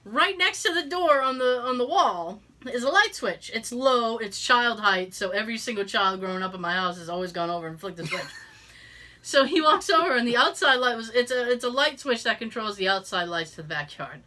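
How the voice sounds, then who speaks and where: A woman's voice: a little high, lively intonation, a little fast, sharp tone. A middle-aged woman hosting a podcast, telling a story in casual chat, swearing freely and laughing as she talks. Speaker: podcast host.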